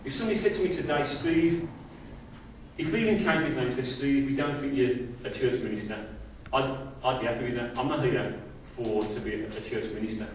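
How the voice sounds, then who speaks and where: A man's voice: medium pitch, brisk. A middle-aged man preaching a sermon as pastor, conversational, throwing rhetorical questions at the congregation. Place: church hall with congregation. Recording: very echoey hall, distant mic, faint hiss.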